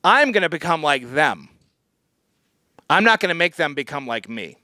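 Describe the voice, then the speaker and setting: A man's voice: a little high, sing-song, moderate pace, pushed and bright, no echo, studio quality. A man preaching a sermon as pastor, in a conversational but earnest way that often leans into sudden emphatic points. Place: church.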